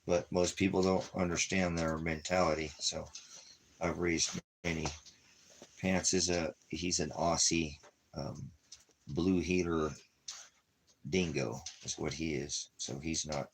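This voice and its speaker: A man's voice: extremely low pitch, fairly even intonation, slow, creaky, long pauses, a little hiss or hum. A middle-aged man in casual chat, rambling and repeating himself with plenty of "you know" as he talks. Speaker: ministry vlogger.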